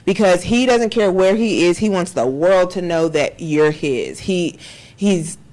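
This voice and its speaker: A woman's voice: on the low side, expressive, measured pace, a little mellow. A middle-aged woman co-hosting a podcast, giving candid, blunt relationship advice in casual chat and swearing freely. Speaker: podcast co-host.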